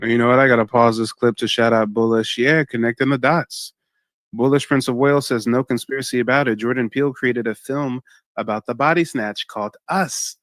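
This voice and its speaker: A young man hosting a live-stream reaction, talking straight to his chat in an animated way and exclaiming often. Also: medium pitch, brisk, no room sound.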